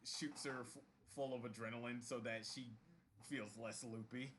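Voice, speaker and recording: A man narrating as game master of a tabletop game, halting and full of fillers. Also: mid-range voice, fairly even intonation, a bit bright, a little hiss or hum.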